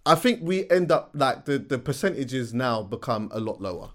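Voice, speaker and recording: A man's voice: mid-range voice, big pitch swings, normal speed. A man co-hosting a podcast, explaining his point in chatty casual talk with frequent agreeing interjections. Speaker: podcast co-host.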